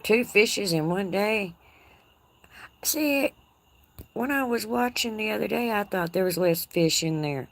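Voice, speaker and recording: A woman's voice: medium pitch, expressive, unhurried, pauses often. A woman with a Texas accent hosting a casual live chat from her porch, reading viewer comments in a folksy, teasing way and laughing often. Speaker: livestream host. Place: outdoor porch. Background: crickets.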